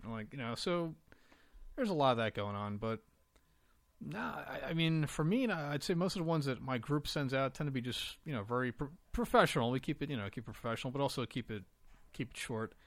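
Quick-talking guy cohosting a podcast, dry close sound, easygoing. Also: mid-range voice, dry recording. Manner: quick, relaxed, conversational with restarts. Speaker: podcast co-host. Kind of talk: casual chat.

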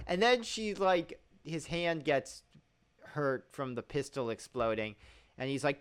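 A man's voice: medium pitch, expressive, moderate pace, a bit bright, smooth. A man rambling casually about a TV series, leaning heavily on "like" and laughing at its plot holes.

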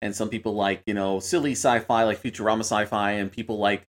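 Lower-voiced man musing on games. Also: fairly even intonation, fast talker. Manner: musing, enthusiastic, lots of fillers. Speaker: podcast co-host. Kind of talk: casual gaming chat.

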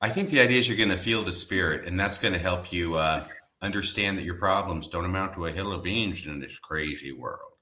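A low-pitched man hosts a relaxed podcast chat. His voice sounds forceful and bright, and it rings in a roomy space. He talks with a dry, joking edge. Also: fairly quick. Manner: wry, joking asides. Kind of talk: casual podcast discussion.

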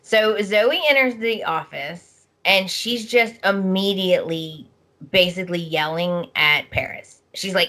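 A woman's voice: fairly low pitch, fairly bright tone. A young adult woman co-hosting a podcast, chatting casually and acting out lines as she recaps. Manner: slow, chatty, acts out lines in changing voices. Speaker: podcast co-host. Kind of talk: casual chat recapping a soap opera.

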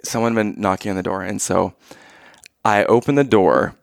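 A man telling a funny family story in casual chat, acting out his own past lines with loud outbursts. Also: lowish voice, normal speed, creaky, dry recording, clean studio sound.

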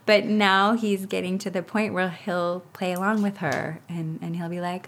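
A woman in her thirties chatting as a guest, telling lively stories and acting out what others said. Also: on the low side, normal speed, a little hiss or hum. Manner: animated storytelling with laughs and acted-out quotes. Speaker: guest parent. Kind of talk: casual interview chat.

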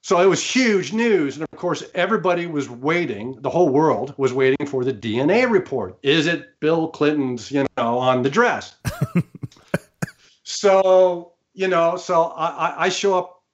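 A guest who once worked as a studio engineer tells animated anecdotes, laughing and restarting often. His voice sits on the high side and is animated, at a measured pace. The remote audio sounds slightly muffled.

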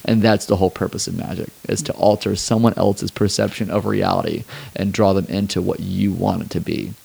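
Man, young adult, low pitch, gravelly, laid-back rambling interview talk. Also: fairly quick. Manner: relaxed, rambling, peppered with "like" and swearing. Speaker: guest, drummer and hairstylist. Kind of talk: casual interview storytelling.

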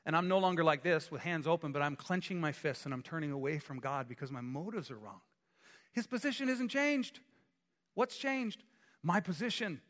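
A man preaching a sermon as pastor, animated and acting out scenes with quick changes of voice. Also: on the high side. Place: church sanctuary. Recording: echoey hall.

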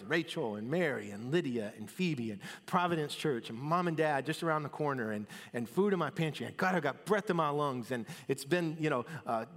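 A man preaching a sermon in a relaxed, talky way, dropping almost to a hush and then lifting his voice again. His voice carries a long reverb from a big sanctuary. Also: a little high. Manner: conversational, swings between soft and loud. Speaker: pastor.

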